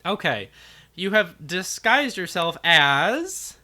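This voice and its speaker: Brief: game master voice, lively pitch, bright tone, laughs a lot. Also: slow. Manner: animated, laughs often. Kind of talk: narrating a tabletop game.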